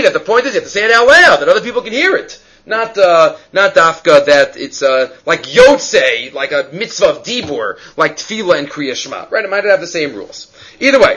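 High, bright-voiced man teaching Talmud. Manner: animated, questioning, mixes Hebrew and English. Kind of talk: Talmud lecture.

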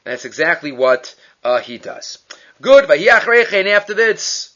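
A man's voice: high-pitched, very animated, moderate pace, sharp tone. A man teaching an informal Bible class, retelling the story with Hebrew terms and acting out the quoted lines. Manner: mixes Hebrew terms into English. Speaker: Torah teacher. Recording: dull lo-fi recording.

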